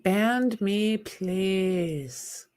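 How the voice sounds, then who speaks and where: A woman's voice: medium pitch, very slow, a little mellow. A woman hosting a casual true-crime livestream, chatting, greeting viewers and reading their comments aloud, blunt with spam commenters. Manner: outspoken and exasperated with spam commenters. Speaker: livestream host.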